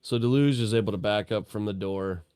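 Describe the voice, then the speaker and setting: A man's voice: on the low side, a little fast, a little mellow, clear, resonant tone, dry recording, studio quality. A man narrating a tabletop game as game master in a laid-back, rambling, cussing way.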